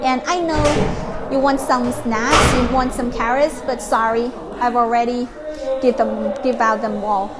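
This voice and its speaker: Slow-talking playful woman outdoors. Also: fairly high pitch, fairly even intonation. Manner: chatty, playful, switches between English and Mandarin. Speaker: travel vlog host. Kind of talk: casual on-location chat. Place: outdoors at a horse farm. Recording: noisy outdoor ambience.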